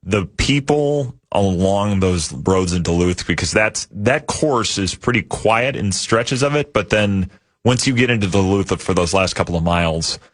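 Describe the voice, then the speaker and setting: Low-voiced man, dry studio sound. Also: a little slow, no echo. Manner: relaxed, explains at length with easy laughs. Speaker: studio guest. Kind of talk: casual radio talk. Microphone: studio microphone.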